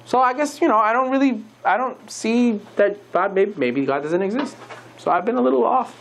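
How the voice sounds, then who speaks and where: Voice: mid-range voice, expressive, normal speed, vocal fry. A lecturer voicing a hesitant innkeeper man. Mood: doubting. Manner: hesitant, confessional. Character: shaken innkeeper man losing his faith.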